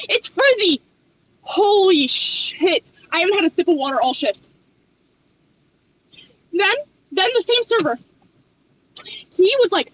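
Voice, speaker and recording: A young woman with a very high, piercing voice rants about her job as a hostess, fast, profane and fed up. A faint hiss of noise sits under the recording. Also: pushed and bright, poor audio. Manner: fast, profane, exasperated ranting. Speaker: restaurant hostess. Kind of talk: ranting storytime vlog.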